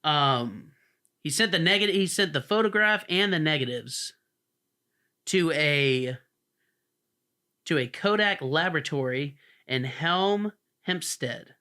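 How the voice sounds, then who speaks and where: A man's voice: a little high, lively intonation, slow pace, pauses often, sharp tone, clean tone. A man co-hosting a podcast, telling a story in casual chat and acting out the people in it. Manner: rambling storyteller who acts out the people in his story. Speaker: podcast co-host.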